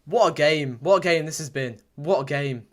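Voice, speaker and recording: Calling a football match live for his viewers, this young fan commentator speaks with a fairly high pitch and a moderate tempo. He relays chat messages, repeats his own lines, and erupts into shouts when the action peaks.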